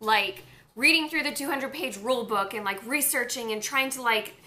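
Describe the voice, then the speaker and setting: A woman's voice: on the high side, normal speed, bright, forceful tone. A young woman chatting enthusiastically as a guest on a casual vlog. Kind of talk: casual chat.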